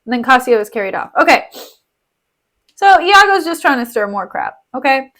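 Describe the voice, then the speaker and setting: A woman's voice: high-pitched, big pitch swings, normal speed, a bit bright. A woman streamer chatting playfully as she reads a play aloud, retelling scenes in slang. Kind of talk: casual chat and read-aloud.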